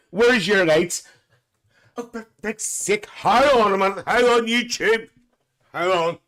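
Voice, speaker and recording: A cheeky, gossipy Northern Irish aunty, played by a man, holds court on a live stream, her Northern Irish accent thick and her voice pitched up high. She chatters bawdily and cackles at her own jokes between greetings to her viewers. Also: fairly bright tone. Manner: chatty, bawdy, cackles constantly. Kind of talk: live-stream banter in character.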